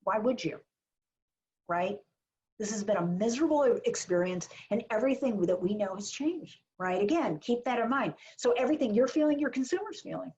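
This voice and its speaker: Speaking briskly and animatedly in a darkish voice on the high side, this small business marketing advisor keeps her webinar chatty and blunt, sprinkling in jokes and asides. The video call audio is dull and lo-fi.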